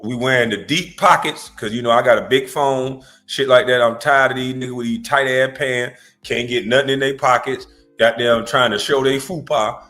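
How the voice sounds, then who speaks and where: Host, male, 40s: brash, profane roast talk, mid-pitched, faint music under. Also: fairly even intonation, moderate pace, bright, forceful tone. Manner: brash, trash-talking, laughs often. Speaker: livestream host. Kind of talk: profane comedic reaction stream.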